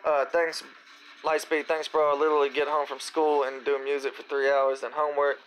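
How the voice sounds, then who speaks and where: A man's voice: fairly high pitch, a little fast, a little hiss or hum, poor audio. A young man hosting a live Q&A, talking casually and with slang about his own raps. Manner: relaxed, slangy, reciting his own rap lines. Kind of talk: casual livestream chat.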